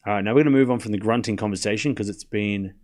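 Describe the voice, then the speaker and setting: A chatty Australian man calls tennis on a casual live stream, his lowish, slightly mellow voice racing along. He rambles between asides while calling out the scores.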